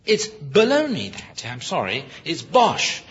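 A man preaching a sermon, emphatic and full of rhetorical questions, often pausing to correct himself with apologies. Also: a little high, huge pitch swings, a bit bright, a little hiss or hum. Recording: dull lo-fi recording.

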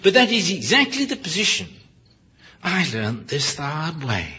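A man preaching a sermon, emphatic and full of rhetorical questions, often pausing to correct himself with apologies. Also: fairly high pitch, huge pitch swings, sharp tone, breathy edge. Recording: dull lo-fi recording.

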